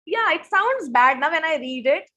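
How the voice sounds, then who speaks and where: A woman's voice: high voice, lively intonation, normal speed, pushed and bright. A young woman teaching SAT grammar in a live online lesson, quizzing students and reading their answers. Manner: asks students questions, reads answers from chat.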